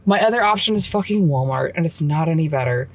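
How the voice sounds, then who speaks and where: A woman's voice: low voice, animated, quick pace, dry recording. Woman, mom, casual vlog rant, frustrated, swearing, venting, phone mic, in a car. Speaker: vlogger and mom. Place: in her car. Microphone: phone camera.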